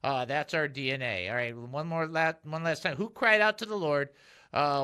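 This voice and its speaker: A man's voice: a little high, normal speed, clear, resonant tone. A man hosting a casual Christian radio show in a studio, joking and laughing often with his co-host and callers. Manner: jokey, laughs often, animated.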